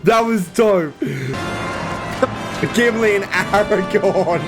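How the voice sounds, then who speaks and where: A man hosting a movie reaction video, excitable and swearing often, breaking into laughter and shouts. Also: high voice, slow. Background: film soundtrack music playing.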